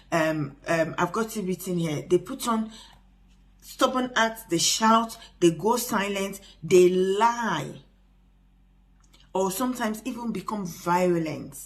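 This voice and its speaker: A middle-aged woman hosting a parenting channel, talking earnestly to camera with frequent restarts and pauses. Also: medium pitch. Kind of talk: casual advice talk to camera.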